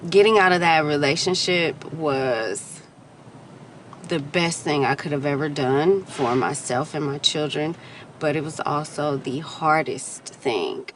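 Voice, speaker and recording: A woman in her thirties tells a personal story in a relaxed vlog, her voice sitting on the low side. She talks candidly and animatedly, acting out her own thoughts. A faint hum runs underneath. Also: a little slow. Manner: candid, animated retelling with laughs and quoted inner voices. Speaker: mother sharing a personal story.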